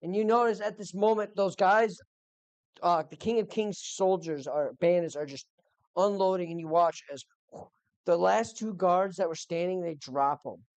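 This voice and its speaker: Woman GM with a low voice and a loose, rambly, casual delivery. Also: normal speed, a little mellow, dry recording. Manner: casual, rambling, lots of fillers and swearing. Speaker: game master. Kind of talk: narrating a tabletop game.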